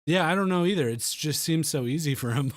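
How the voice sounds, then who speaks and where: A young man hosting a casual gaming podcast, joking around in a relaxed way and laughing often. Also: a little high, a little fast, dry recording, studio quality. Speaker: podcast host.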